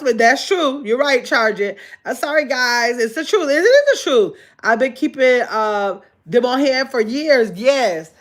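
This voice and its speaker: A middle-aged woman hosting a casual livestream, chatting easily and reading viewer comments aloud with frequent pauses to look. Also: fairly high pitch, a bit bright. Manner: chatty and easygoing, with frequent "let me see" pauses while reading. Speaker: channel host.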